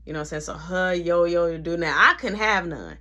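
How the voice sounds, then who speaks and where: A man telling a casual storytime story, animated and conversational, with frequent asides. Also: fairly high pitch, brisk.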